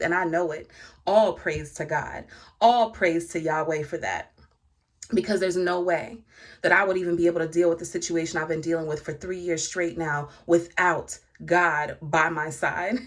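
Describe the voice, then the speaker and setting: A woman's voice: fairly low pitch, fairly even intonation, normal speed. Woman vlogger, casual spiritual talk, preachy but chatty, addresses viewers directly, rhythmic lists. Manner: preachy, speaks straight to viewers, laughs often; lists virtues in rhythmic runs. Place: indoor room.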